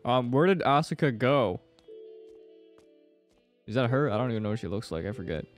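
A young gaming streamer plays a horror game, his medium-pitched voice animated and moderately paced over soft background music. Jumpy and joking, he swears and laughs at the scares and reads the game's lines aloud.

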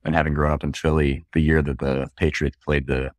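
A man's voice: very deep voice, little pitch movement, a little fast, no room sound. A middle-aged man from Philadelphia, a fitness coach guesting on a podcast, speaking in an earnest, reflective way. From Philadelphia, USA. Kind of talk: casual interview chat.

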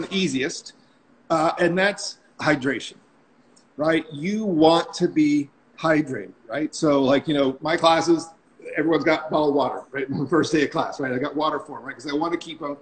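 Chatty fairly high-voiced man instructor. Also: slight background noise, low-quality recording. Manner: chatty, tags sentences with "right?". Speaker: freediving instructor and guest. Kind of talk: casual storytelling on a live stream. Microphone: phone or computer mic on a video call.

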